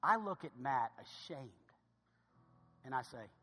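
A man's voice: mid-range voice, lively intonation, a little slow, a bit bright, husky, faint music behind. A man preaching a sermon, telling a humorous story with emphatic delivery. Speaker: pastor. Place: church sanctuary. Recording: long reverb of a large hall.

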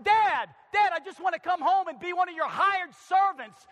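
A man's voice: very high voice, moderate pace, a bit bright, pitched above the performer's own voice. Man playing a stammering remorseful son. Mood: pleading. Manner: stammering, pleading. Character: remorseful young son begging to come home. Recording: long church hall reverb.

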